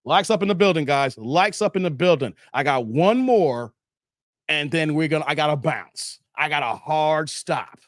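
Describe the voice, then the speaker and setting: Here a middle-aged streamer with a slightly high voice talks at normal speed, reading out viewer comments and chatting with his audience in a relaxed way. Worn down from hours of streaming, he still laughs a lot and tends to repeat phrases. The audio is dry and studio quality.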